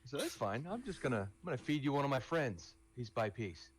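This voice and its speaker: A man's voice: steady tone, moderate pace, a little mellow, natural voice. A man voicing a menacing male adventurer who taunts and threatens a prisoner. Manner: taunting, threatening, raised pitch.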